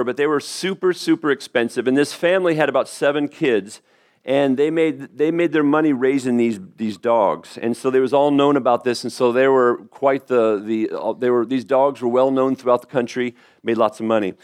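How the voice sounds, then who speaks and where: Middle-aged male pastor, sermon, chatty storytelling, restarts and asides. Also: mid-range voice.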